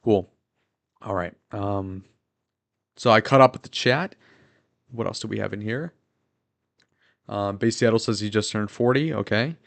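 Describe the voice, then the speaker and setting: A man's voice: on the low side, measured pace, gravelly, pauses often. A young man in his twenties chatting casually on a livestream, rambling with lots of fillers and swearing. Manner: rambling, filler-heavy, profane.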